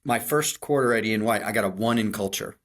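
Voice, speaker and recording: A middle-aged man from Chicago with a Chicago accent, a podcast co-host telling stories in an animated, self-deprecating way with frequent restarts. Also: on the low side, quick pace. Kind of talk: conversational storytelling.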